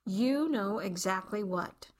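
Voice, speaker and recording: A woman's voice: mid-range voice, expressive, slow. A woman voicing Cece, a furious, remorseful mother. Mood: angry. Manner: sharp and hissing, then pleading.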